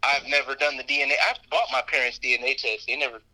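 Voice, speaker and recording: A man's voice: medium pitch, little pitch movement, fast talker, pushed and bright, rough recording. A man chatting casually as a podcast guest, rambling with lots of fillers and restarts. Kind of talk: casual conversation.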